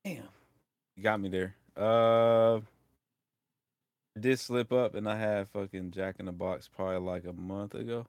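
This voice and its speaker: A man's voice: on the low side, fairly even intonation, dry recording. A man in casual podcast banter with friends, laughing often and drawing out his jokes. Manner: laughs often, drawn-out joking delivery.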